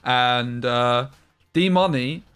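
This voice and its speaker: Young guy rambling on stream, swears a bit, mid-pitched, faint music under him. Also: drawn-out words, fairly bright tone, clean tone. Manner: rambling anecdotes with slang and swearing. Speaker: game streamer. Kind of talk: casual live-stream chat over gameplay.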